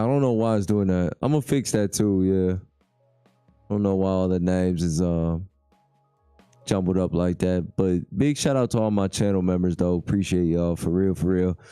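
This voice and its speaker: Low, mellow-voiced livestream host. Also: male voice, steady tone, normal speed, clear, resonant tone, no echo, soft background music. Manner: laid-back, reads chat comments aloud. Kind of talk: casual livestream chat.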